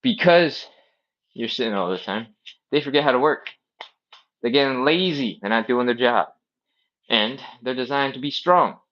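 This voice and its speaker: A fitness instructor leads a live-streamed stretching class, casually explaining and cueing moves while doing them on the floor and often asking "all right?" His mid-range voice has lively intonation and a normal speed with frequent pauses. The recording sounds muffled.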